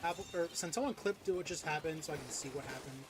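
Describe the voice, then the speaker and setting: A man streaming a game, chatting casually, excitable, swearing and laughing often. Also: fairly high pitch, fast talker, noisy background. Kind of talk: casual gaming stream chat.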